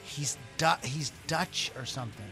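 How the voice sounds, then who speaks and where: A man's voice: medium pitch, expressive, a little slow, bright, forceful tone, soft background music. A man from Philadelphia co-hosting a rock podcast, chatting casually in a rambling way full of fillers and false starts. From Philadelphia, USA. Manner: rambling, filler-heavy and self-interrupting. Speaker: podcast co-host. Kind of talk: casual chat.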